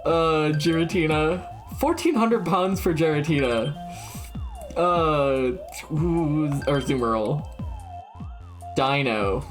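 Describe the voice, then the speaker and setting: Very low-voiced woman streamer, slow and sweary. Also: soft background music. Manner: profane, blurts out guesses, laughs at herself. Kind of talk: casual gameplay commentary.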